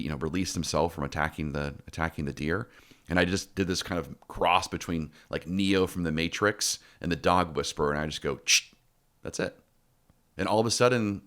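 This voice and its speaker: Deep-voiced man telling stories, full of restarts. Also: brisk, fairly bright tone. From Texas. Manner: storytelling with many restarts and repeated words. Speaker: podcast host. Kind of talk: casual podcast chat.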